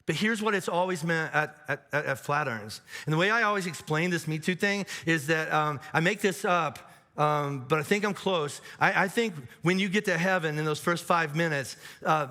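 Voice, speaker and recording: A man preaching a sermon as pastor, in a conversational, animated way with frequent restarts and asides. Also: on the high side. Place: large church auditorium. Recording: long hall reverb from live church.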